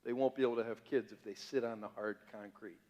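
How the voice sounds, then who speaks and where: A man's voice: mid-range voice, steady tone, fast, a little mellow, muffled recording. A man preaching as a pastor, conversational and joking, full of rhetorical questions to the congregation. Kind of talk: sermon. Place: church sanctuary. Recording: reverberant church hall.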